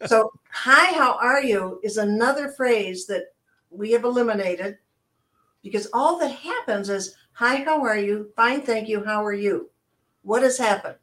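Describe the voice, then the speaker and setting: A woman's voice: mid-range voice, measured pace. An older woman chatting and telling stories, acting out the quoted voices as a customer service trainer. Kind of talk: casual chat, storytelling.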